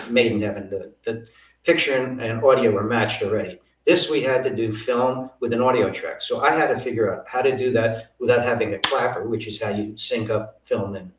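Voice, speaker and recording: An older man, a guest in an interview, telling lively anecdotes and acting out what others said. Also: medium pitch. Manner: animated anecdotes, acting out quoted voices. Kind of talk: storytelling interview. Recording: roomy, from a distance.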